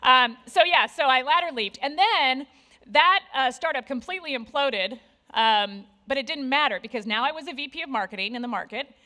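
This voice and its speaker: A woman in her forties giving a candid, self-deprecating conference talk on stage, with lively asides to the audience. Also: sits high, normal speed. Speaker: conference speaker.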